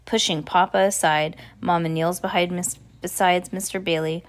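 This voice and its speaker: A woman's voice: fairly low pitch, steady tone, moderate pace, few pauses. A woman reading a ghost story aloud expressively, dropping in casual asides. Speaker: storybook reader.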